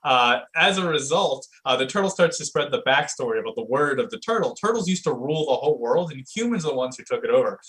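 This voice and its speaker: A man's voice: medium pitch, expressive, fast talker, few pauses, a bit bright, poor audio. A young man streaming improv comedy, playfully retelling an absurd story.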